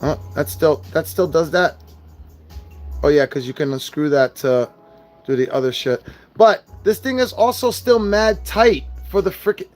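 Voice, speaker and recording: A man's voice: on the high side, lively intonation, unhurried, faint music behind. A young man ranting casually as he unboxes and reviews collectible figures, swearing often and venting his frustration. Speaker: toy reviewer.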